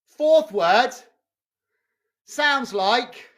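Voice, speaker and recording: Slow, lively-pitched charades leader on a video call. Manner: slow, checks in with "okay?" after each clue. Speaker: community drama workshop leader. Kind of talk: leading a charades game over video call.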